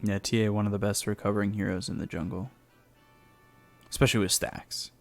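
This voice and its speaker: A man's voice: fairly low pitch, little pitch movement, brisk, soft background music. Laid-back man casting a game. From United States. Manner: laid-back, chatty, laughs at himself. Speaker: esports caster. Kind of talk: casual play-by-play commentary.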